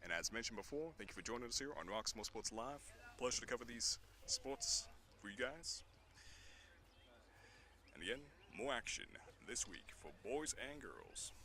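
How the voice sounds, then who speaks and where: Quiet, bright-voiced male baseball commentator. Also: mid-range voice, sing-song, normal speed. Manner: quiet, hushed like golf commentary. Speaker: sports commentator. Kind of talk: soft-spoken live play-by-play commentary. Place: outdoors at a baseball field. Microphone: boom mic.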